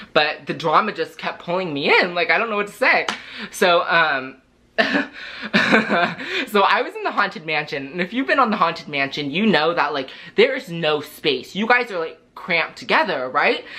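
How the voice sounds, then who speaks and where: A young man telling storytime anecdotes in a vlog, chatty and animated, packed with filler words. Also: fairly high pitch. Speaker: vlogger.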